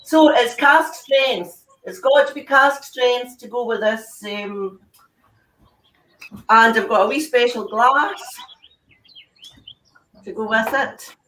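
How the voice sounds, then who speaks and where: Woman, bright voice, chatty tasting host, echoey room, distant mic. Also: a little high, slow pace, pauses often, a little hiss or hum. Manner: chatty, laughs often, trails off mid-sentence. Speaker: host of an online whisky dinner. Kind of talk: casual tasting demonstration. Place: home, on a video call.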